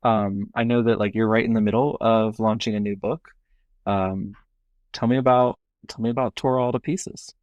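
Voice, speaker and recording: A man's voice: on the low side, fairly even intonation, moderate pace, no room sound, dull audio. A man from South Carolina with a Southern accent, hosting an interview in an easygoing, thoughtful way. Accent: Southern American. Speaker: podcast host. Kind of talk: casual interview conversation.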